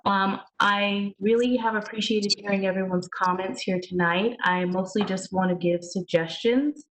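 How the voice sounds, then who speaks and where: A woman giving a public comment to council members in a polite, measured way. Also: mid-range voice, steady tone, fairly bright tone, slight background noise, low-quality recording.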